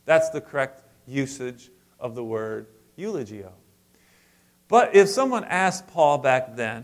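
A pastor delivering a conversational sermon in church, mixing scripture reading with casual asides and light humor, rising to emphatic peaks. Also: male voice, mid-range voice, expressive, slow.

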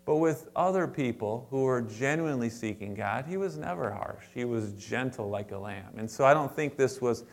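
Animated male pastor preaching. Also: normal speed, vocal fry, hardly any pauses. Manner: conversational preaching with frequent restarts and asides; animated, stressing words with sudden louder higher bursts. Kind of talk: sermon. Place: church sanctuary before a congregation.

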